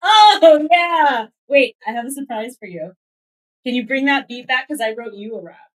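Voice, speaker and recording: A woman's voice: high-pitched, animated, normal speed, low-quality recording. A woman hosting a casual interview, upbeat and encouraging toward her guest. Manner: upbeat, encouraging, laughs easily. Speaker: podcast host.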